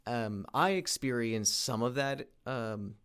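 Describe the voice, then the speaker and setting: Man, slow unhurried delivery, halting restarts, earnest reflective solo talk. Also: mid-range voice, fairly bright tone, smooth. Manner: halting, frequent restarts and repeated words; earnest, self-motivating. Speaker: independent voice actor and producer.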